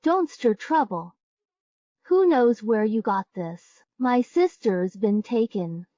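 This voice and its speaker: Casting: woman voicing a defiant young wife, cold and slow, dry dull sound. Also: a little high, animated, warm tone, no room sound. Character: sharp-tongued young wife, defiant and vengeful. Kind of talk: dubbed drama acting.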